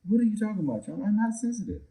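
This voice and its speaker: A man's voice: high-pitched, sing-song, very fast, creaky, pitched above the performer's own voice, full character voice. A man acting out a touchy man who indignantly insists he never gets emotional or sensitive. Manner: indignant, protesting, loud.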